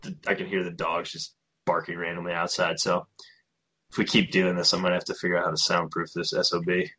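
Deep raspy male co-host, easygoing, forward tone. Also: flat delivery, sharp tone. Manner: laid-back, quick to laugh. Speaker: podcast co-host. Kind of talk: casual chat. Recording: home room, dogs and dripping audible.

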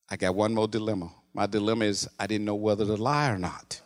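A male preacher in mid-sermon, telling a personal story with big swings between quiet, hushed narration and loud, animated outbursts. His voice sits at an ordinary middle pitch for a man. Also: a little fast.

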